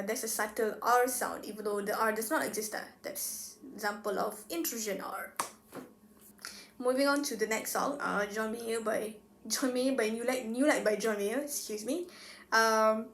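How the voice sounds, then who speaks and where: A young woman student giving a class presentation, chatty and relaxed, saying example words aloud to demonstrate them. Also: a little high. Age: young adult. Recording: echoey room.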